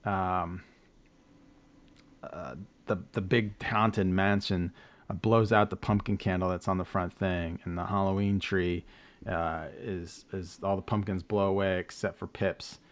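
A male podcast host with a somewhat low voice rambles through a casual recap. He stops and restarts a lot, fills gaps with ums, and slips in wry jokes. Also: steady tone, unhurried. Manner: joking asides with laughs. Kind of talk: casual chat.

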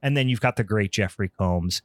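A podcast host with a lowish male voice chats casually at a moderate pace, rambling, swearing, and saying "um" a lot. The audio is clean studio sound with no room echo.

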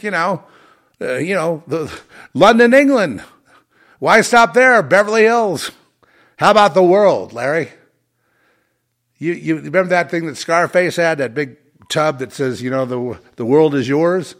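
A gravelly-voiced man rants on his own podcast, angry and profane, with a heavy streak of sarcasm. His pitch leaps around, swinging high and low. He sits a touch above most men in pitch. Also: animated, normal speed, fairly bright tone. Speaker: podcast host. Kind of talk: solo podcast rant.

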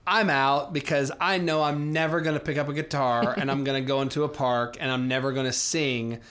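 A man hosting a podcast, asking relaxed questions and offering encouraging short affirmations. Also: medium pitch, brisk. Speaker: podcast host. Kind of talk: casual podcast interview.

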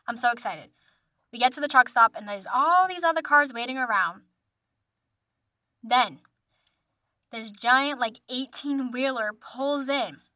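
A young woman and musician telling a storytime vlog in a chatty, animated way, with lots of filler words. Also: fairly high pitch, no echo. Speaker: vlogger, musician.

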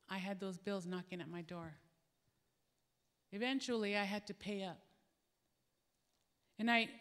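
A middle-aged woman preaching a sermon, candid and earnest, telling stories. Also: fairly high pitch. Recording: echoey hall.

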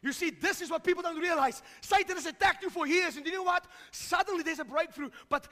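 A man preaching a fervent sermon as pastor, often shouting and calling on the congregation to respond. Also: very high voice, a little fast, in a large hall.

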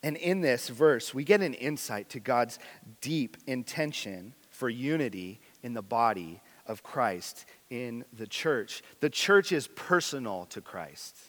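A man's voice: mid-range voice, expressive, measured pace. Earnest male pastor in a reverberant hall. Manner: earnest, candid, swings between loud emphasis and quiet intensity. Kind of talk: sermon.

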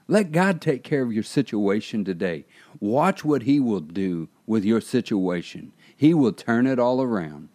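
A middle-aged man preaching a podcast sermon in a low, mellow voice. He tells his story earnestly and lifts into fervent exhortation. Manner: earnest preaching, rising in fervor. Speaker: pastor.

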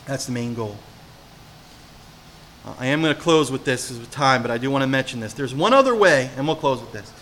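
A man from New Jersey preaching a sermon as pastor, telling animated stories and putting questions to the congregation. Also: mid-range voice, a little fast, slight background noise.

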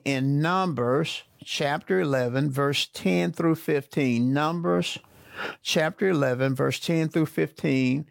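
A male pastor preaching a sermon, slowly repeating his key phrases for emphasis. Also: mid-range voice, creaky, no echo, studio quality.

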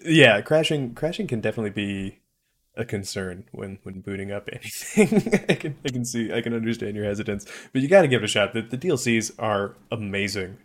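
A man's voice: lowish voice, expressive, brisk. Chatty male podcast co-host. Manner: rambling, frequent restarts and laughter. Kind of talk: casual chat.

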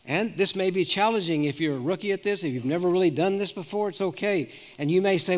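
An older man in his seventies preaches with a fairly high voice, telling stories earnestly and stumbling over his restarts. His words ring out with the long reverb of a big hall. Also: brisk. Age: 70s. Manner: earnest storytelling with frequent restarts. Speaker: pastor. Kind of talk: sermon with personal stories.

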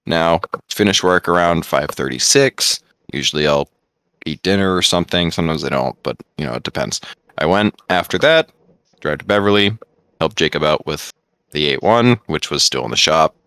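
A man, co-hosting a podcast and telling stories in casual chat, excitable and swearing freely. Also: deep voice, smooth, no echo. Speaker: podcast co-host.

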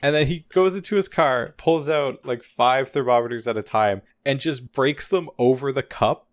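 A man chatting casually about a TV episode on a podcast, animated and quick to laugh, acting out lines from the show. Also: medium pitch, dry recording. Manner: animated, laughs often, acts out quotes. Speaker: podcast co-host. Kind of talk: casual TV recap chat.

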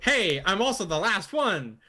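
Very bright-toned playful man. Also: sits high, very animated, a little slow. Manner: playful, rambling with fillers. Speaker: player. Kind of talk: casual chat and self-introduction.

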